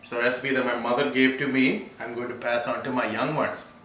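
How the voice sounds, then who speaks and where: A man's voice: medium pitch, fairly even intonation, brisk, sharp tone, recorded from a distance, slight background noise, lightly acted. A man playing a cheerful cicada chef with a chirpy, showy cooking-show delivery in an amateur mockumentary. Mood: cheery. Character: cheerful middle-aged male cicada chef. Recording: echoey room from afar.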